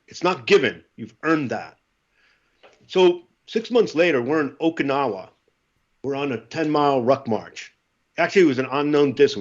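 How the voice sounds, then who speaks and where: A middle-aged man, a former Marine, telling stories in a casual interview, animated and acting out what others said. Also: mid-range voice, dull audio. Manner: animated storyteller, acts out quotes. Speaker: podcast guest, former Marine.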